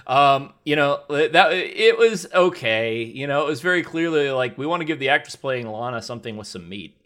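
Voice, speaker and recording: Brief: Canadian guy, bright lively voice, rambly and jokey co-host. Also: mid-range voice, normal speed. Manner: rambling, jokey, trailing off and restarting. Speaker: podcast co-host. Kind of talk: casual chat.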